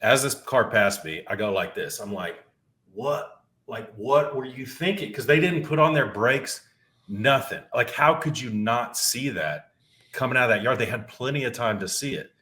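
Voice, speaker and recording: Recorded at home, a middle-aged podcast co-host tells a story in a loose, meandering way. His medium-pitched voice is sharp and lively at a moderate pace, and he swears freely and often starts his words over.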